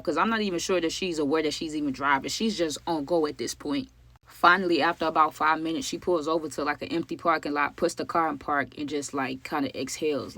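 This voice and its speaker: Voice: medium pitch, fairly even intonation, fast, sharp tone, no echo. A vlogger telling a true story in casual narration, full of "like" and "you know what I'm saying," talking straight to the viewers. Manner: talks straight to viewers as "y'all".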